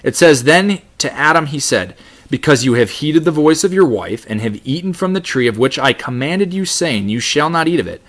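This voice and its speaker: A man's voice: on the high side, big pitch swings, normal speed, fairly bright tone. A man teaching a Bible study lesson, reading scripture aloud and talking it through with many restarts. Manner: reads scripture aloud, frequent restarts and fillers.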